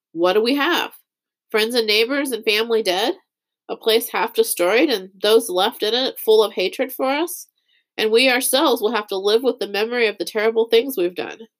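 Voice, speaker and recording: A woman reading a weary, thoughtful father in a storybook, softer and lower than her narration. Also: close to an everyday voice.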